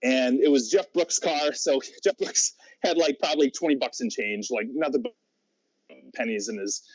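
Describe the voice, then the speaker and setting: A man's voice: medium pitch, moderate pace, slightly rough, no room sound. A man guesting on a podcast, telling a long story in a rambling way, laughing often and restarting his sentences. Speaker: guest, pro wrestler. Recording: slightly muffled audio.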